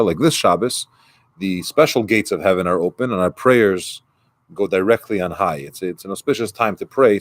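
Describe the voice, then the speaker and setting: A man who is a rabbi, giving a conversational sermon and retelling a story with quoted dialogue. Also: lowish voice.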